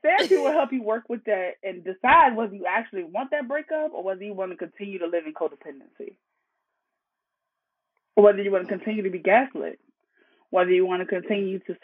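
A woman therapist in casual conversation, explaining ideas in an animated way and tagging her points with "right?". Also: medium pitch, fast, slightly rough. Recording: tinny phone-like line.

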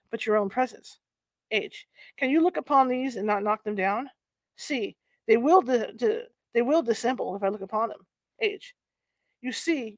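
A woman reads a historical book aloud for her channel, her voice sitting a little high. Between passages she drops into chatty asides, and she sometimes stumbles over the old wording. The sound is close and dry, with little room in it. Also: dry recording. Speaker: host of a paranormal reading channel.

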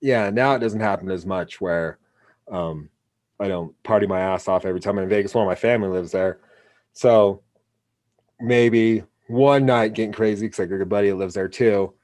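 A man chatting casually on a podcast, relaxed and easygoing. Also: lowish voice, normal speed, dry recording. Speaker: podcast guest. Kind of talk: casual chat.

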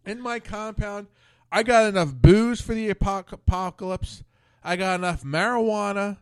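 A podcast host from the Philadelphia area, with a high, smooth voice at normal speed, chats casually on his talk show. He tells rambling, profane stories with many restarts, on a dry recording.

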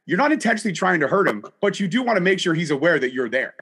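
A man's voice: sits high, very fast, breathy edge. A man in his thirties hosting a casual interview podcast, joking and swearing freely. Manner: animated, jokey, swears freely. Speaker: podcast host.

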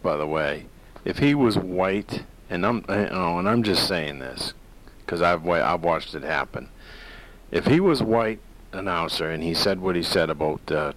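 A very low-pitched male talk radio host rambles through an opinionated monologue. He speaks casually, stopping often on "uh" and restarting his sentences as he goes. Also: low-quality recording.

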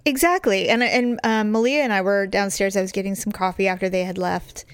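A middle-aged woman hosting a casual chat, telling an animated story and acting out the voices of people she quotes. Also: mid-range voice, fairly quick, clean tone, no room sound.

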